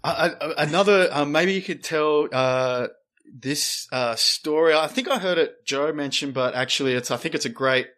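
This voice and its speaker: A man hosting a casual interview, relaxed, asking questions with many fillers and restarts. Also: on the high side, normal speed. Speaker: podcast host.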